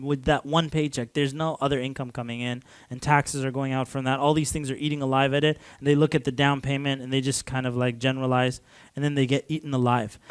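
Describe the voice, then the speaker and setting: A man's voice: mid-range voice, smooth, no room sound. A man from Canada giving a casual lecture to a class, talking loosely with lots of "like" and restarts and chuckling often.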